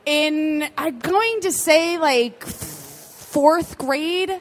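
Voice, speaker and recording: A woman's voice: high voice, animated, drawn-out words, slight background noise. A woman in her thirties co-hosting a live podcast, bubbly and laughing as she tells stories. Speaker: podcast co-host. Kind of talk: live podcast banter before an audience.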